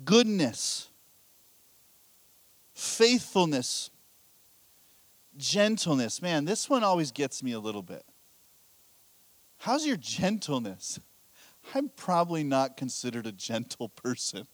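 A man's voice: fairly high pitch, big pitch swings, slow pace, pauses often, dry recording. A middle-aged man preaching a sermon as pastor, telling candid, self-deprecating stories with a laugh.

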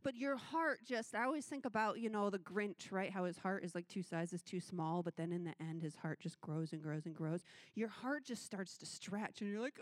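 A woman youth minister giving a missions testimony sermon, telling her story in an animated way and acting out the voices she quotes. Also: medium pitch, normal speed, no room sound.

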